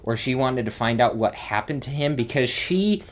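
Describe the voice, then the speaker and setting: A man's voice: medium pitch, expressive, moderate pace. A man hosting a let's play, giving rambling gameplay commentary and thinking aloud with small exclamations.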